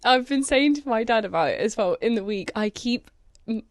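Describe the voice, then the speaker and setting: A woman co-hosting a podcast in casual chat, chatty and quick to laugh and joke. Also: a little high, animated, dry recording, studio quality. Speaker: podcast co-host and stand-up comedian.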